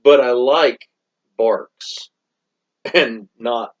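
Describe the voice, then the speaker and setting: A man's voice: medium pitch, extremely slow. A middle-aged man co-hosting a soda review with his son, chatting casually and drifting off topic. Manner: rambling, easily sidetracked. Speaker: soda review co-host, father. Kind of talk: casual chat. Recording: dull lo-fi sound.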